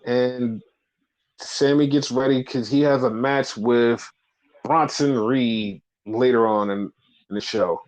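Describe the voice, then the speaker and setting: A man's voice: mid-range voice, fairly even intonation, slow pace, darkish tone. Rambling man in casual chat. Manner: rambling, many "like" fillers, acts out quotes. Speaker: podcast co-host. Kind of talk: casual chat recapping wrestling. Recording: slightly dull lo-fi audio.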